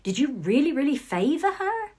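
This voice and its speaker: A woman giving a channelled psychic reading, relaying messages in halting bursts with soft murmured asides. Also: high voice, sing-song. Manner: hesitant, relaying what she hears in bursts. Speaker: psychic reader.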